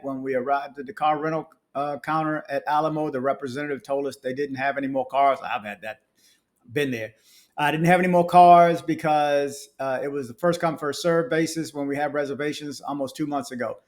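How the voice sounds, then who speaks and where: A man, a travel vlogger reading reviews aloud and ranting in casual asides with frequent restarts. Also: a little high.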